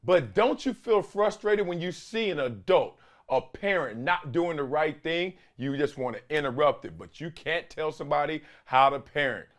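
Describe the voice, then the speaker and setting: Animated high-voiced man hosting. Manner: animated and emphatic, slangy, drawn-out for stress. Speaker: host. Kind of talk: sports commentary monologue.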